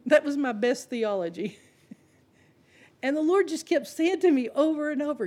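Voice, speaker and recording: Woman, preacher, higher-pitched voice, sermon, conversational, humorous storytelling. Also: animated, normal speed, darkish tone. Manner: conversational, addresses the congregation directly.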